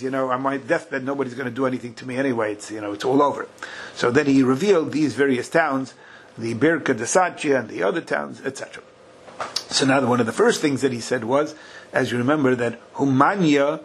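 A man leads a Talmud study class, slowly chanting passages in Aramaic and Hebrew before translating them with lively energy. His voice sits at a medium pitch with a slight roughness, and the recording quality is poor.

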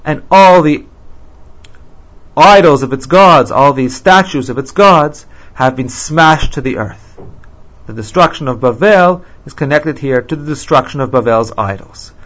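A man giving a lecture on scripture. He reads Hebrew verses aloud, translates them and explains them in a measured way with frequent ums. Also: medium pitch, expressive, fairly bright tone. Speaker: Bible teacher.

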